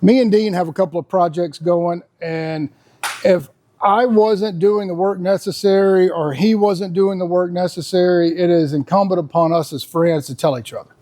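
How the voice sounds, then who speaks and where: Man, fifties, high voice, mellow tone, blunt folksy podcast talk. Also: fairly even intonation, normal speed. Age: 50s. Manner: folksy, blunt, laughs often. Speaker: podcast host. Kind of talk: casual monologue.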